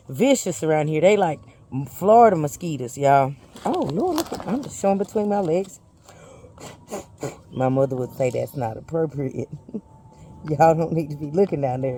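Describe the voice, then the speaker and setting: A man's voice: a little high, mellow, a little hiss or hum. A man vlogging on a hiking trail, chatty and exclamatory, calling his viewers honey and y'all. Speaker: thru-hiker vlogger. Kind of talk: casual vlog while hiking. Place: outdoors on a forest trail.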